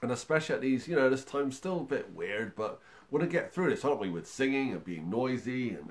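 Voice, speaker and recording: A man hosting a music livestream for young children, chatting in an upbeat, encouraging way with many fillers. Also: mid-range voice. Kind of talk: friendly livestream talk to young children and parents.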